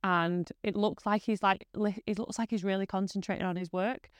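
A woman in her thirties with a northern English accent, hosting a casual podcast chat at home, talking quickly and swearing freely. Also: mid-range voice, fairly even intonation, clean tone, no room sound. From northern England. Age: 30s. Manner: fast, chatty, swears freely, laughs often. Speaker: podcast host. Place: living room at home.

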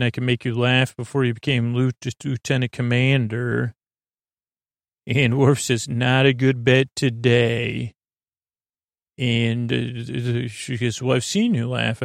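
A man hosting a podcast, giving a sleepy bedtime recap of a TV episode in a rambling, halting way with lots of fillers. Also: medium pitch, creaky, dry recording, studio quality. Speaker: podcast host.

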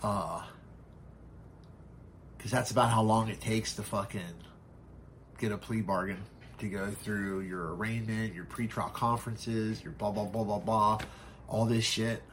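A man's voice: on the low side, fairly even intonation, unhurried, long pauses, a bit bright, a little hiss or hum. A man telling a personal story in a casual, candid way, often swearing and acting out what others said. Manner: candid, profane, acts out quoted voices. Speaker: podcast guest.

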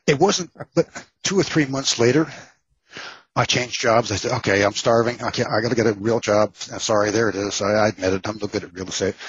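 A man's voice: medium pitch, breathy edge, no room sound, lo-fi sound. A man with a Texan accent, an author being interviewed, telling wry stories with many filler words. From Texas. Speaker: author guest. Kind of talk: casual interview storytelling.

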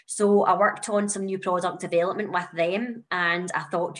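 A woman's voice: fairly low pitch, steady tone, normal speed, hardly any pauses. A young woman with a Glasgow accent, chatting as a podcast guest and telling stories with plenty of fillers. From Scotland. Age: young adult. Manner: chatty storyteller, lots of fillers. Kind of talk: conversational podcast interview.

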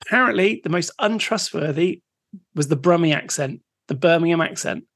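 A man co-hosting a casual podcast, easygoing and quick to laugh as he shares facts. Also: a little high, lively intonation, vocal fry, fairly bright tone. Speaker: podcast co-host.

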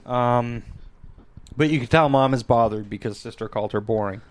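A man casually recapping a TV episode for a podcast, rambling and sarcastic, full of ums and quick silly voices. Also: medium pitch. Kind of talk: casual chat.

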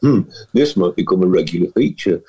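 A man's voice: low-pitched, expressive, a little fast, mellow, slightly rough. A man hosting a casual chat podcast over a video call, jokey and teasing, with sing-song announcer flourishes. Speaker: podcast host.

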